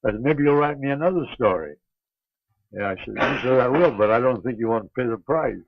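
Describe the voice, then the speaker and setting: An older man being interviewed, telling a long anecdote in a halting, unhurried way with many pauses and restarts. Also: mid-range voice, no room sound. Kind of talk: reminiscing anecdote. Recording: dull lo-fi 1950s archive recording.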